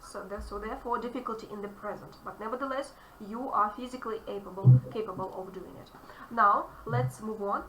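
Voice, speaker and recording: A woman English teacher with a Russian accent, explaining grammar to a student in an animated, emphatic way. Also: medium pitch, fairly quick, crowd noise. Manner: animated, emphatic, repeats key phrases. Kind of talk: online grammar lesson. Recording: echoey room, distant mic, faint noise.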